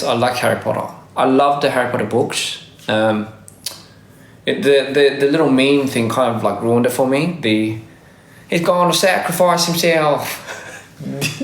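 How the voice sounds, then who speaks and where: A man's voice: medium pitch, normal speed. Man, diluted Aussie accent, loose live-stream chatter, roomy echo on a phone mic. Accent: Australian English, softened by years abroad. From Australia. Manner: rambling, self-correcting, frequent laughs. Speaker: livestreamer. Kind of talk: casual live-stream chat reading comments.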